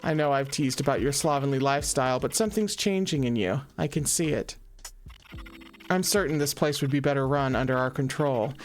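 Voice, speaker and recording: A woman's voice: a bass voice, brisk, soft background music. A woman doing a sassy scheming angel. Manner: sassy, persuasive. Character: scheming sassy angel bar performer, female. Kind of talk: let's play voice acting.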